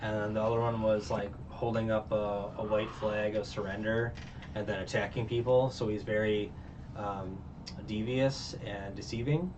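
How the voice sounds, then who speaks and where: A man's voice: on the low side, fairly even intonation, moderate pace, distant mic. A man talks through a show recap in a loose, rambling way, stacking fillers and breaking into laughs. He sits away from a dull microphone, and faint noise hums behind him. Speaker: reviewer. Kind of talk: casual episode recap.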